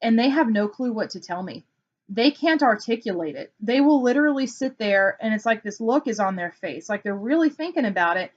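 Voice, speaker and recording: Her fairly high-pitched voice comes through lo-fi sound as this Enneagram consultant breaks down personality types on a casual vlog. She tells stories with animation and acts out what people said.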